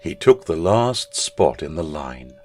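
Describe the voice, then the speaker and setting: A man, a school chaplain, narrating a children's story in an expressive storytelling manner. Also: rumbling low, slow, soft background music.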